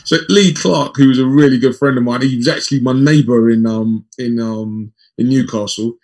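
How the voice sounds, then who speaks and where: A man in his fifties, a former footballer, telling lively anecdotes as an interview guest and acting out the dialogue. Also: medium pitch, moderate pace. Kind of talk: conversational storytelling in an interview.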